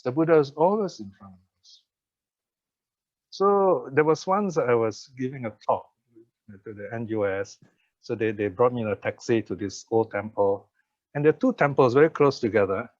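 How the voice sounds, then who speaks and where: An older man from Malaysia gives a Buddhist teaching over a video call, answering questions through relaxed stories. He laughs often and keeps checking in with his listeners. His voice sits at a middling pitch, and the call audio sounds dull and muffled. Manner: storytelling, often laughing, checking in with okay and you see.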